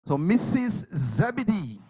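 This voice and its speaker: A man's voice: sits high, slow pace, breathy edge. A man preaching a sermon, telling a story and acting out the people in it, sometimes dropping to a whisper. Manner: animated storytelling, acts out the people, drops to a whisper at quiet moments.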